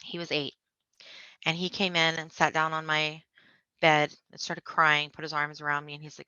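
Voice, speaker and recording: A woman with a low yet bright, forceful voice recounts her own story as a podcast guest. She tells it vividly, slipping into the voices of the people in it. The recording is dry and a little dull. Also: level tone, normal speed, smooth, dry recording. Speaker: interview guest. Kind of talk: personal storytelling. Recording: dull, muffled podcast audio.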